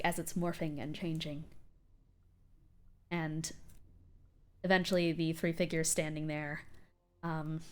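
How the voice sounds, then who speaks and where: A woman's voice: deep voice, clear, resonant tone. A woman narrating a tabletop game as game master, loose and full of fillers.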